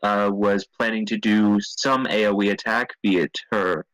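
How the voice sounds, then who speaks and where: A man's voice: fairly low pitch, fairly even intonation, moderate pace, a bit bright, no echo, low-quality recording. A man running a tabletop game, explaining the plan step by step over a voice call.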